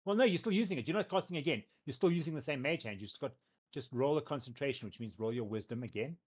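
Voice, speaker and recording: A man's voice: mid-range voice, quick pace, slightly rough. A man running a tabletop game as game master, describing scenes loosely with many fillers and hedges. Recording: dull lo-fi recording.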